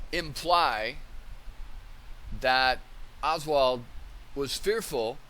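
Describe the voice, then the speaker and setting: A man's voice: mid-range voice, sharp tone, a little hiss or hum. A man hosting a channel, reading definitions and transcripts aloud and thinking them through, with frequent restarts. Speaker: channel host. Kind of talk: casual commentary, reading aloud.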